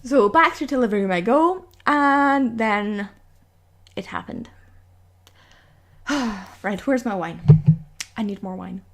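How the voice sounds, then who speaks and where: A woman's voice: fairly high pitch, expressive, slow pace, pauses often. A young woman telling a story on her vlog, exasperated and giggly, acting out what everyone said. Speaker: vlogger.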